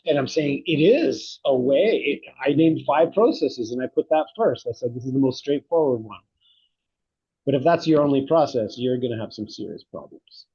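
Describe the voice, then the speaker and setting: A man's voice: medium pitch, lively intonation, normal speed, mellow, breathy edge, muffled recording. A middle-aged man, a psychotherapy researcher, speaking reflectively in an interview and telling stories with animation. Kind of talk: conversational interview.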